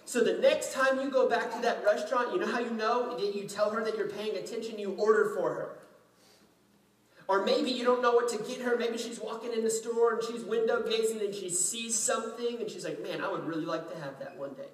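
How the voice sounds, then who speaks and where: A man's voice: very high-pitched, fairly quick. A man preaching a sermon to a congregation, in an easy, conversational way with jokes mixed in. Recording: roomy echo, distant mic, faint ambience.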